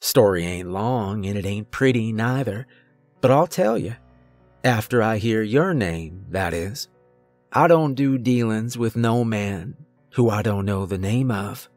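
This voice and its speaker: A gruff, worn-out Old West outlaw, put on by a male narrator, drawling his words rough and blunt with a bitter edge. He takes his time, each phrase dragged out slow and heavy, over faint music. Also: on the low side, animated, a little mellow, no echo.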